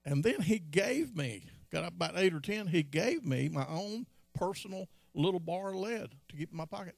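A gravelly male preacher with a lively, swooping delivery. He tells stories from the pulpit and jumps into a higher voice whenever he quotes someone. The sound is dry and close. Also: moderate pace, no room sound. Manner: storytelling, acts out quotes in a high voice. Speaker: pastor. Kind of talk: sermon.

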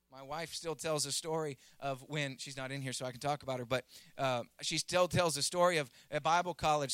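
Pastor, male, thirties; earnest sermon voice, fairly high, dry close sound. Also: bright, forceful tone, clean tone, no room sound. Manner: earnest preaching with stories and prayer, rising emphasis.

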